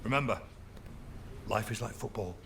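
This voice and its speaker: An actor playing a cheery, fatherly older rig worker, gravelly and jokey, in a video game. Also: lowish voice, normal speed, fairly bright tone, a little hiss or hum. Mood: teasing.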